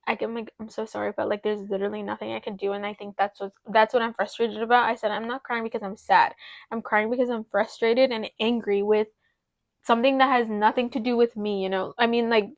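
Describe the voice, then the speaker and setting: Higher-voiced young woman telling a story. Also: brisk, no echo, dull audio. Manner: tearful, animated storytelling. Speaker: podcast co-host. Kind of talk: casual chat.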